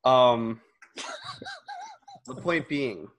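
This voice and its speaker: A man's voice: medium pitch, expressive, drawn-out words, a bit bright, slight background noise. A man with a lisp hosting a casual podcast chat, who rambles a little and restarts his sentences. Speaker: podcast host.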